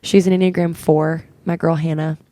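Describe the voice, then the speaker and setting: A woman's voice: sits low, level tone, normal speed, mellow, no room sound, studio quality. A woman co-hosting a podcast, talking candidly and earnestly in casual chat, telling stories and quoting conversations. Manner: earnest, open storytelling with quoted dialogue. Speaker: podcast co-host.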